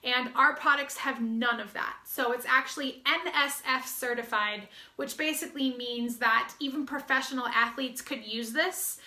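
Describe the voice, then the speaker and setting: This fitness business coach from the United States speaks in a high, bright, forceful voice at normal speed with few pauses, and the room is reverberant. Her promotional talk is upbeat and chatty, with fillers, restarts, and a slightly winded quality.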